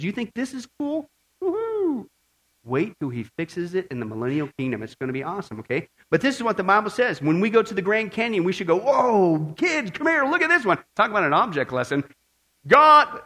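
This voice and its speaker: A man preaching, swinging from loud exclaiming to hushed, prayerful tones. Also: high-pitched. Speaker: pastor. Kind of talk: sermon.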